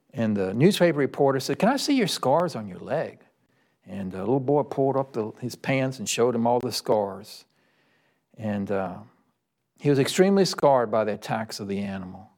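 A man preaching a sermon, emphatic and questioning, who breaks into a story and pushes his voice up high at the key points. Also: darkish tone. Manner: emphatic, rising to high-pitched exclamations.

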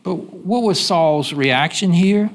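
A man preaching a sermon in church, folksy and conversational, pausing to have the congregation finish his sentences. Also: high voice. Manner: asks the congregation fill-in-the-blank questions; conversational, folksy, with quick repeats. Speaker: pastor.

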